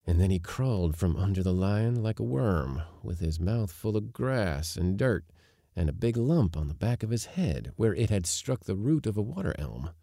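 A man reading a story aloud in an expressive, wry narrating manner. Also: lowish voice, moderate pace, vocal fry, no echo, studio quality. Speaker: audiobook narrator.

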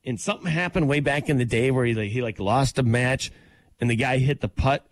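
A man co-hosting a radio talk show, teasing his partner with dark, deadpan insults. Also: mid-range voice, fairly quick, slight background noise. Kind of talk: casual banter.

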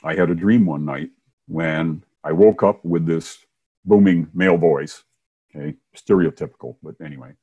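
An older man, a Methodist minister and former science teacher, telling his story in a relaxed interview with chuckles along the way. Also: sits low, husky, muffled recording. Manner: warm anecdotal storytelling with chuckles. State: hard of hearing, wears hearing aids.

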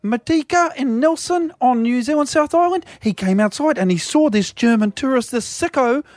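A man co-hosting a radio show, bantering in a teasing, playful way with loud exclamations. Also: very high voice, normal speed, no echo. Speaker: radio co-host.

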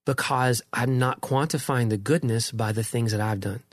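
A man's voice: mid-range voice, normal speed, dry recording, studio quality. A middle-aged man in a casual conversation about faith, earnest and reflective, often restarting his sentences.

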